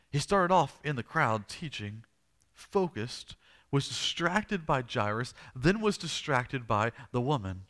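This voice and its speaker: A man's voice: medium pitch, fairly bright tone. A male pastor preaching a sermon, retelling a story dramatically and repeating phrases for emphasis.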